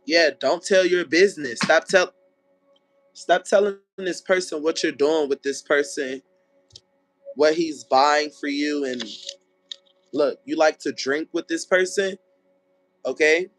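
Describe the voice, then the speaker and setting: Soft music plays behind a man with a fairly high-pitched voice doing a casual tarot reading. Blunt and foul-mouthed, he acts out people's lines in rapid voices and keeps checking in with "okay?".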